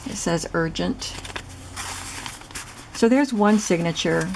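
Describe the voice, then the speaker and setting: A woman with a lowish, gravelly voice talks through a craft project in a relaxed, chatty way, explaining each step as she goes. The recording carries clear background noise and clicks. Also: takes it slowly. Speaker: craft channel host. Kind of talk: casual crafting demonstration.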